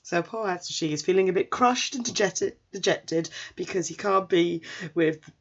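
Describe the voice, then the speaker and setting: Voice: medium pitch, normal speed. Chatty anime recapper. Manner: chatty, rambling, does character voices. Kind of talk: casual episode recap. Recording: dull lo-fi recording.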